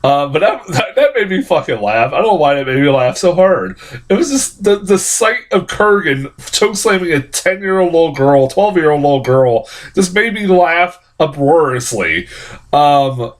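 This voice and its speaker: Animated, swearing man reviewing a film. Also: a little high, normal speed. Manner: profane, rambling, laughs often. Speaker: movie reviewer. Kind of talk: casual spoken film review.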